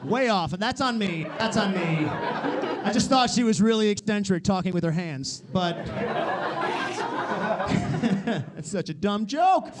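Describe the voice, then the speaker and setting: A young American man performing a stand-up comedy set, self-deprecating and wry, swearing freely. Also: sits high. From United States. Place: live comedy stage.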